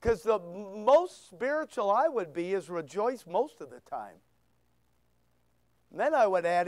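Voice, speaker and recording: A man preaching a sermon as pastor, full of rhetorical questions, swinging between loud bursts and hushed asides. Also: high voice, big pitch swings, unhurried, dry recording. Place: church.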